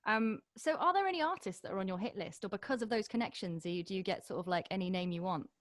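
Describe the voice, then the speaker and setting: A woman from the UK hosting a casual radio interview, chatty and quick to laugh. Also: mid-range voice, lively intonation. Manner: chatty, giggly, friendly questioning. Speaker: radio presenter.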